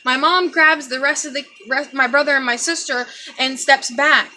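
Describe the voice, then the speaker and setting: A young woman telling a painful personal story to her viewers, tearful, halting and repeating herself. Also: high-pitched, steady tone, pushed and bright, slight background noise. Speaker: vlogger.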